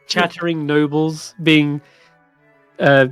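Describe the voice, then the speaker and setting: A man's voice: on the high side, level tone, slow, smooth, dry recording, faint music behind. A man narrating a tabletop game as dungeon master in a casual, rambling way.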